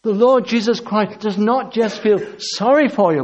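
Male preacher, high voice, fervent repeated refrains, dull lo-fi recording. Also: expressive, unhurried, hardly any pauses, darkish tone. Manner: impassioned, repetitive emphatic preaching. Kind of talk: sermon.

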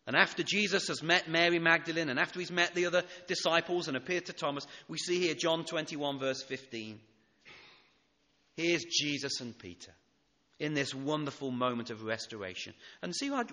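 Male pastor, expressive sermon delivery from emphatic to hushed; bright tone, lowish pitch, long church reverb. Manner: expressive, swinging from loud emphasis to hushed tenderness.

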